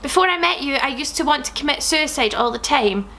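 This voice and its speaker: A woman's voice: high-pitched, expressive, a little fast, a little hiss or hum, exaggerated voice. Woman hamming up a lovesick gothic teen boy. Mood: passionate. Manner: overwrought, shouting declarations.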